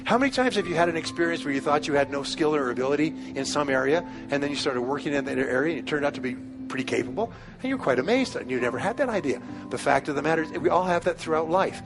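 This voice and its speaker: A man calmly explaining self-help ideas, reasoning step by step in a measured way. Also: fairly high pitch. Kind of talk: calm explanatory talk. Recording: music underneath.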